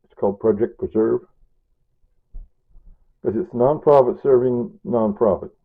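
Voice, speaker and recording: Fields: Sex: man. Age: middle-aged. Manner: chatty, rambling. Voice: husky. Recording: tinny, phone-like. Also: medium pitch, unhurried. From Kansas, USA. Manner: chatty, rambling asides, says "right?" and "see?" a lot. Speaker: vlogger. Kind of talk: casual home cooking vlog.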